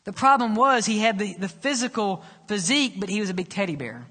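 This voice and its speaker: A male preacher tells a story from the pulpit, his voice high and bright. He leans into the drama, dropping soft and low whenever he quotes someone. The sound rings out with the long tail of a church sanctuary. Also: expressive, fairly quick, big-room sound. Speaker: pastor. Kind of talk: sermon storytelling.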